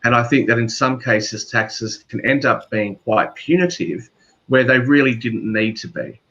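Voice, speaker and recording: A man with an Australian accent, a guest speaking in a measured, thoughtful way in casual chat. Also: medium pitch, fairly bright tone. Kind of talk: casual video call chat. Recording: dull lo-fi audio.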